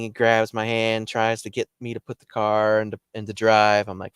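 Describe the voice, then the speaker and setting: Low-voiced man telling a story. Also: moderate pace, few pauses, clean tone, dry recording, studio quality. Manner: animated, jumps high when acting out quotes. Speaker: paranormal storyteller host. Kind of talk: casual storytelling monologue.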